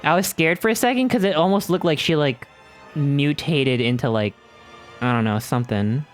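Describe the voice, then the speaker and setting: Excitable man streaming a game. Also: fairly high pitch, normal speed, soft background music. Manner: excitable, swearing, joking. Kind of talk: casual gameplay commentary.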